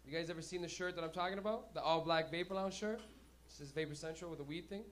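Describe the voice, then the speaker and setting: High-voiced man doing loose stand-up. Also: fast, a little hiss or hum. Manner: loose, profane, laughs at his own jokes. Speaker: stand-up comedian and host. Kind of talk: stand-up comedy. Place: comedy club stage.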